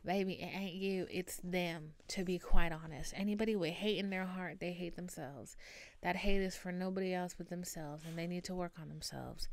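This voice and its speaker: A woman's voice: on the low side, fairly even intonation, moderate pace, no room sound. A woman hosting her own podcast, talking casually and emphatically and swearing freely, recorded in a room at home. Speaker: podcast host. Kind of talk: casual solo podcast monologue.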